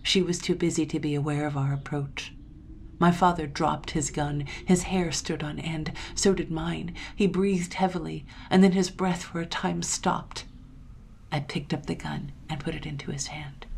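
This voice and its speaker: Woman storyteller, low and gravelly, measured dramatic gothic reading. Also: fairly even intonation, a little mellow, slight background noise. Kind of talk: scripted narration of a gothic tale.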